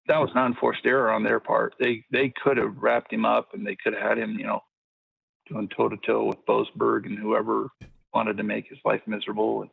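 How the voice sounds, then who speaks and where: A man calling in to a talk show in casual chat, with a measured, agreeable manner. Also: on the low side, little pitch movement, gravelly, a bit bright, slightly rough, no echo, rough recording. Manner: measured, agreeable, many "yeah"s. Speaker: caller.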